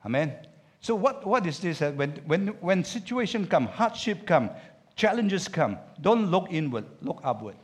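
Animated preaching man, fairly high voice. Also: moderate pace. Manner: animated preaching with big swings in loudness, urging the congregation to repeat lines; acts out biblical characters' speech in quotes. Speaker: pastor. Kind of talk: sermon.

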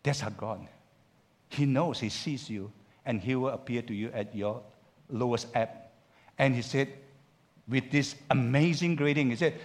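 A male pastor preaching a sermon, swinging from loud urging to quiet asides and acting out biblical speech. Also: mid-range voice, moderate pace. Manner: animated preaching with big swings in loudness, urging the congregation to repeat lines; acts out biblical characters' speech in quotes.

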